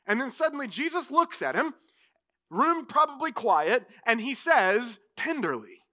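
Man, pastor, sermon, high voice, casual animated preaching, lots of "like". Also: a little slow. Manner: conversational, animated preaching with frequent "like".

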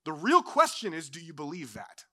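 A young adult man preaching a sermon as pastor, impassioned, swinging from loud declarations to hushed, low passages. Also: huge pitch swings, moderate pace.

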